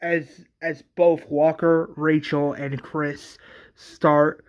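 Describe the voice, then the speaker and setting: Slow, halting male storyteller. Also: fairly high pitch, level tone, dull audio. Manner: halting, repeats words while narrating. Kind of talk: retelling a fan series scene by scene.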